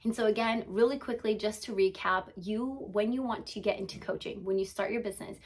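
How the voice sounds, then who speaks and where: Woman, young adult, business coach, motivational talk, energetic, emphatic, casual fillers, middle pitch. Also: a little fast. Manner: energetic, emphatic, frequent "like" and "okay?" check-ins. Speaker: business strategist and mindset coach.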